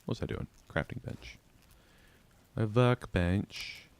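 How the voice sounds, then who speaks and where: A man's voice: lowish voice, slow, smooth. A young man chatting his way through a live game stream, laughing and mocking his own mistakes.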